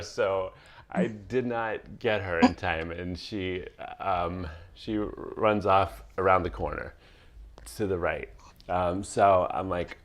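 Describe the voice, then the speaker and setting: A man's voice: fairly low pitch, fairly bright tone. A man hosting a casual chat show, telling a long story with lots of laughs and restarts. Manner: rambling storyteller, laughs often. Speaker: podcast host.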